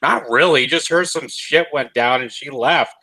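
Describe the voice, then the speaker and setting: A man co-hosting a casual review chat, laughing often and retelling scenes in quick quoted snippets. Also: mid-range voice, sharp tone, low-quality recording. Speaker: co-host of a cartoon review show.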